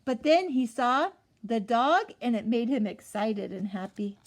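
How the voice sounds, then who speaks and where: Woman reading a picture book aloud to children, high lively voice, unhurried, questions and gasps. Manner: animated, asking questions, gasping. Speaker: storyteller.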